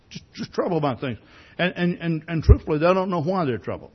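A man preaching a sermon with a husky, slightly high voice whose pitch swings freely. He talks to the congregation conversationally, firing off rhetorical questions and stumbling over repeated words as he starts a sentence. The recording sounds dull and lo-fi. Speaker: pastor.

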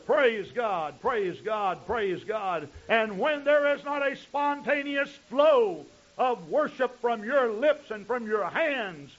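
A man's voice: very high voice, expressive, slow pace, hardly any pauses. A male pastor preaching a sermon, telling stories in long chains of "and" with frequent restarts. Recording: dull lo-fi recording.

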